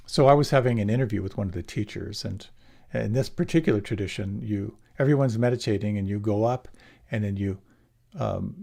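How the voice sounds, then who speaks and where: A man giving a relaxed, reflective meditation talk, often letting his phrases trail off softly. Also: on the low side, gravelly, breathy edge. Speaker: meditation teacher. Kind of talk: dharma talk.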